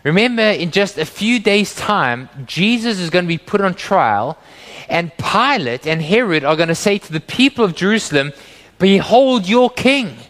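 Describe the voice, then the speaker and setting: A man delivers an earnest, animated sermon, his voice sitting high for a man. He leans into quoted lines with rising intensity. The sound carries a long reverb, as from a church hall. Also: normal speed. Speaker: pastor.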